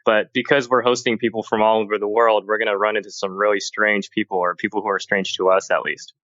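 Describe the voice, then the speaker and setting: A man talking as a podcast guest, telling stories in a casual, animated way and acting out the exchanges he quotes. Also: fairly low pitch, quick pace, no room sound, highs cut off. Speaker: guest, tech journalist. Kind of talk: casual storytelling in conversation.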